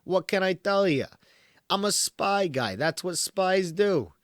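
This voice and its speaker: A man's voice: high voice, lively intonation, slow, no room sound, clean studio sound, voice pushed up. A man doing a smug bumbling spy. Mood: boastful. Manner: smug, breezy bragging. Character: cocky bumbling male spy, boastful and offhand.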